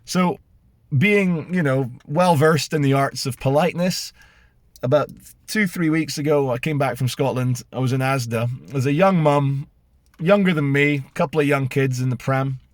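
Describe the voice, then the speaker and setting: A middle-aged British man ranting to camera as he tells a story, animated and sarcastic. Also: mid-range voice, normal speed, no room sound, studio quality. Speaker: vlogger. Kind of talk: casual storytelling rant to camera.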